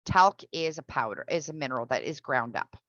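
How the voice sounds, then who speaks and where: A woman teaching an English pronunciation class online. She explains patiently and repeats each example slowly. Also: a bass voice, lively intonation, a bit bright, no echo, muffled recording.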